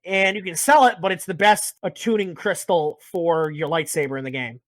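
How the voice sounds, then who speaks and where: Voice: medium pitch, moderate pace, no room sound, pitched below the performer's own voice, lightly acted. A speaker voicing a laid-back, slangy guy from a video game in a casual recap. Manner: slangy, offhand.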